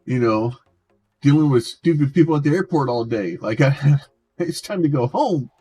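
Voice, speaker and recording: A man's voice: medium pitch, expressive, normal speed, dark tone, soft background music. A man streaming a game, chatting casually and rambling, often restarting his words. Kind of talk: casual chat while gaming.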